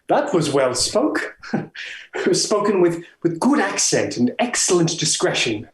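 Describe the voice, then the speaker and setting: A man's voice: on the high side, slow, echoey room. A man playing a playful word-loving poet. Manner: lively, savouring phrases, stammering with uh. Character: playful male poet, charmed by words. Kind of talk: Elizabethan stage acting.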